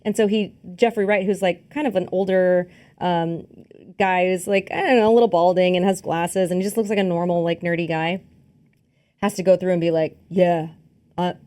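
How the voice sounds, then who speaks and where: A woman's voice: fairly low pitch, steady tone, brisk, a little mellow. A woman co-hosting a film podcast in casual chat, telling stories animatedly with acted-out quotes and lots of fillers. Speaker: podcast co-host. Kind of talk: casual chat about films. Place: studio filmed with two cameras.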